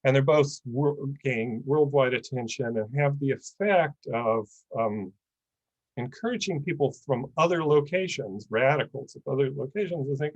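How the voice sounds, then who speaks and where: A man's voice: medium pitch, moderate pace, no echo, highs cut off. Man giving an academic talk. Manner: thoughtful, with many fillers. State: losing his voice. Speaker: conference panelist. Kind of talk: academic presentation.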